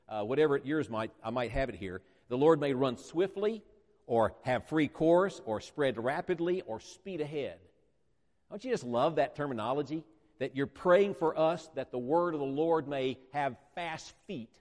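A man preaching a sermon to a congregation, emphatic and repetitive, slowing down to stress key words. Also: medium pitch, darkish tone. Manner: emphatic, repeats phrases, stretches words for emphasis. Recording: echoey church hall.

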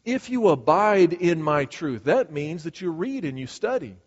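A man's voice: on the high side, sing-song, unhurried. A man preaching a sermon in an earnest, emphatic way, taking on Jesus' voice as he paraphrases scripture. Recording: dull sound with long hall reverb.

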